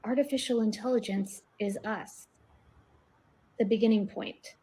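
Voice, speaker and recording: A woman's voice: on the high side, fairly even intonation, a little slow, warm tone. A woman in a casual online discussion, earnestly explaining her ideas with rising emphasis. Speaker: guest researcher.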